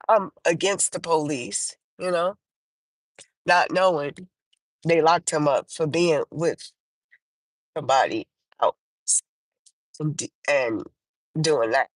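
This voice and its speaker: Slow, halting woman telling a testimony. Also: dry recording, rough recording. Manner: halting, with many restarts and fillers; acts out her own quoted words with a higher voice. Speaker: livestream host. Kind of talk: casual spoken testimony.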